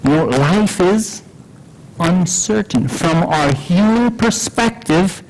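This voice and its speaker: A man preaching a sermon in an unhurried way, with many fillers and rhetorical questions. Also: high-pitched, expressive, creaky, a little mellow, low-quality recording.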